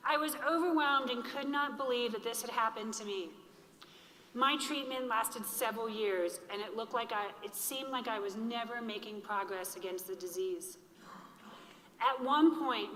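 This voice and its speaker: A woman in her forties speaks earnestly from a stage, slowing down to stress her key lines. Her voice is bright and sits a little high. The sound is roomy, with a long hall reverb behind her. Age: 40s. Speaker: keynote speaker. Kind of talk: motivational conference speech. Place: large hall with an audience.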